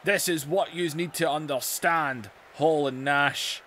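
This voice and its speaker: A man's voice: fairly high pitch, slow pace, a bit bright, a little hiss or hum. A man voicing a blustering veteran male wrestler cutting a bossy, insulting promo over a video game. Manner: bossy, insulting trash talk.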